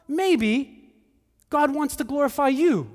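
A man's voice: extremely high pitch, expressive, slow, long reverb tail, pitched above the performer's own voice, heavily acted. A preacher voicing the devil as a sly male tempter, coaxing and wheedling.

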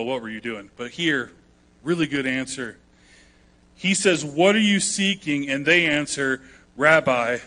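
Male pastor, sermon delivery, bright tone, slightly high voice, chatty and emphatic. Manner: conversational, emphatic preaching with acted-out quotes.

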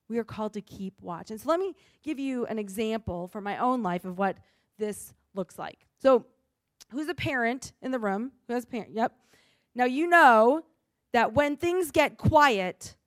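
A woman's voice: fairly high pitch, no room sound, clean studio sound. Earnest woman preaching a sermon. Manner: earnest, emphatic preaching with pauses. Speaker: pastor.

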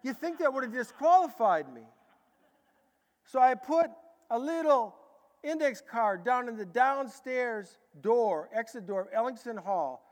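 Male preacher, very high and bright voice, animated storyteller, echoey large hall. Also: unhurried. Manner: animated, acts out dialogue in a lively way. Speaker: preacher giving a testimony. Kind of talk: sermon storytelling.

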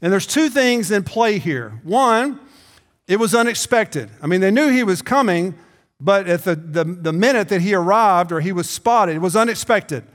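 A man's voice: high voice, animated, moderate pace. A man preaching a sermon as the pastor, talking conversationally, often repeating words and asking the congregation questions. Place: church sanctuary. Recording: long reverb in a church hall.

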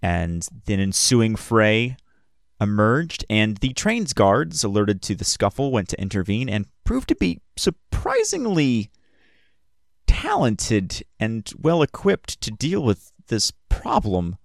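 A man's voice: lowish voice, huge pitch swings, slow pace, gravelly, dry recording, clean studio sound. A man who narrates a tabletop game as game master in a hesitant way, with many fillers.

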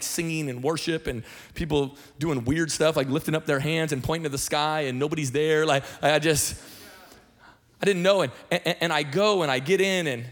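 A middle-aged man from Washington state, a senior pastor telling his testimony in a sermon, talking fast and conversationally with many restarts and repeated words. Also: a little high, a bit bright. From Washington state, USA.

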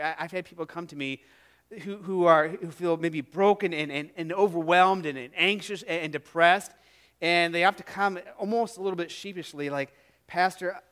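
A middle-aged pastor preaches a sermon in a high-sitting, clean voice. He's earnest and emphatic, drops to a hush on key phrases and repeats words as he goes.

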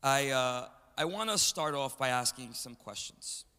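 A man's voice: mid-range voice, lively intonation, a little slow, pushed and bright, clean tone. A man preaching as a guest speaker, joking with the congregation and calling for them to answer back, in a large church. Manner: joking, call-and-response with the crowd. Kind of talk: energetic sermon. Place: church sanctuary, large indoor. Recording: reverberant church hall.

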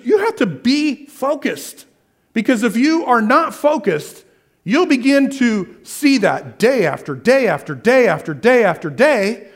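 High-pitched guy pastor preaching, asks the crowd stuff then answers it himself. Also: breathy edge. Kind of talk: sermon.

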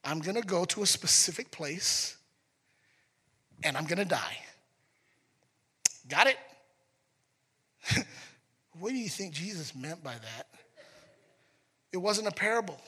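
A man preaching a sermon in a conversational, animated way, acting out scenes as he goes. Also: sits high, slow pace, pauses often, slightly rough, long reverb tail. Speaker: pastor.

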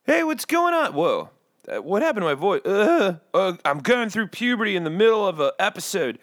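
A man's voice: high voice, sing-song, moderate pace, dry recording, clean studio sound. A man playing a brash talking bird. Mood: rambling. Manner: rambling, self-mocking, swings between loud and muttered asides. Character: brash judgmental male bird podcast host. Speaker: podcast host. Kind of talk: comedic podcast monologue.

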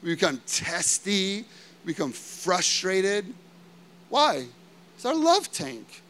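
A man in his thirties preaching a sermon in a lively, conversational way, often checking in with the congregation. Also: sits high, slow pace, slight background noise. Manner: animated and conversational, keeps asking the congregation "okay?". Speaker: pastor.

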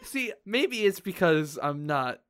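A man's voice: sing-song, slow pace, clear, resonant tone, no echo, clean studio sound. A man hosting a podcast, joking crudely and laughing often, in casual banter. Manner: loud laughs, big swings in pitch. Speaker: podcast host.

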